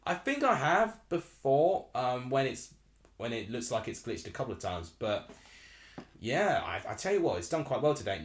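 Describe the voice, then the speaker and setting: A young man in his twenties from Essex hosts a live football watchalong. He rambles in a chatty way and reacts aloud to the match, with a lively, swooping pitch. His voice sits in a roomy space with a noticeable echo. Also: normal speed. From Essex, England. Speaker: live stream host.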